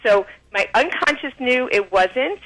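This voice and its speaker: A woman guest on an interview show, explaining her ideas in a lively way, acting out quoted voices and laughing often, heard over a phone line. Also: a little high, a little slow. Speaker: author and guest. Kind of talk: interview, explaining and telling stories.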